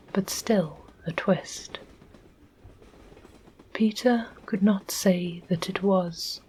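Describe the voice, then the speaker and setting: Give me a slow, soft-whispering English woman for whispered ASMR narration. Her voice sits slightly low and unhurried, calm and hushed the whole way through, with faint ambient noise behind it. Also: poor audio. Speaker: audiobook narrator.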